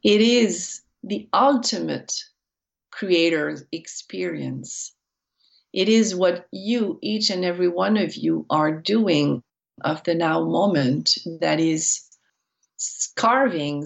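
A woman channeling a collective of spirit entities, speaking as "we" in slow, deliberate, repeated phrases. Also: low-pitched, vocal fry, highs cut off.

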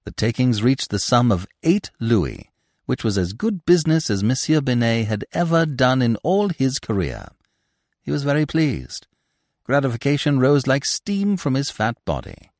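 A man narrating a classic novel for a podcast in a theatrical, expressive manner, close to the mic. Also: medium pitch, normal speed, no echo.

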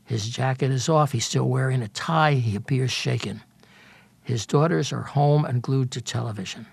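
Older male reader, measured memoir narration, husky and gravelly. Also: medium pitch, no room sound. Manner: measured storytelling in present tense. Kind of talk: reading a memoir excerpt.

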